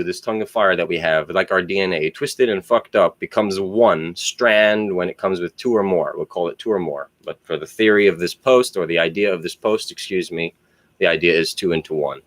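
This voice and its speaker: A man's voice: deep voice, moderate pace, no room sound. A man, rambling and philosophizing in a profane solo monologue. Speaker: solo video host.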